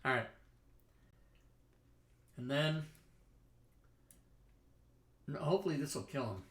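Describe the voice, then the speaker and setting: A man's voice: a little high, takes it slowly. A man running a tabletop game from home, loose and self-mocking, swearing often and drifting back from his desk mic. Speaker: dungeon master and streamer. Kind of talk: casual tabletop game chat. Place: home streaming setup. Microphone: desk microphone, often leaned away from.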